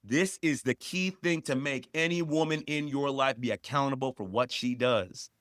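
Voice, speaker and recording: A man's voice: medium pitch, normal speed, a bit bright, no echo, studio quality. A man co-hosting a podcast, giving emphatic, repetitive advice that rises sharply when he stresses a point. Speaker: podcast co-host.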